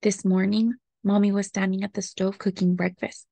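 Woman reading a picture book aloud, creaky. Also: medium pitch, moderate pace, no room sound. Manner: gentle, expressive storytelling. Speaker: storybook reader.

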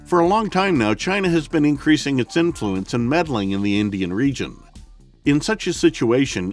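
A man giving scripted documentary narration, measured and explanatory, speaking directly to the viewers. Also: medium pitch. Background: faint background music.

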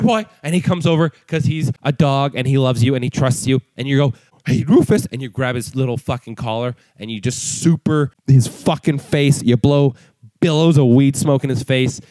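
A young man hosting his own podcast, ranting with mocking, profane humor and breaking into high voices to act out other people. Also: darkish tone, no echo. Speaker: podcast host. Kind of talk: comedic rant.

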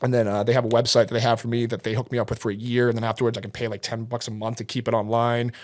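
A young man, a band vocalist, chatting as a podcast guest, talking quickly and animatedly with lots of fillers. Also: medium pitch, level tone. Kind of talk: casual conversational interview.

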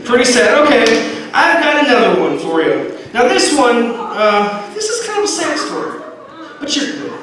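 A man teaching a lively Bible lesson to a room of children, repeating himself and calling them to order. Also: very high voice, moderate pace. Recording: echoey room, far from mic, noisy.

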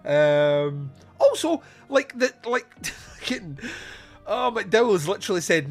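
A man hosting a casual film review podcast, animated and quick to laugh, acting out lines from the movie. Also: a little high, faint music behind. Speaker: podcast host.

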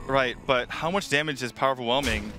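A man's voice: medium pitch, fast talker, noisy background. A man giving analytical esports commentary, thinking aloud through the numbers. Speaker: esports color caster. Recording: casting over music.

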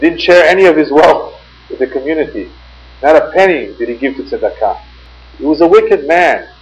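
A man's voice: on the high side, lively intonation, moderate pace, slight background noise, natural voice, low-quality recording. A man lecturing voices an indignant townsman who scorns a dead miser, quoted in a story. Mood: scornful. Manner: angry, scornful.

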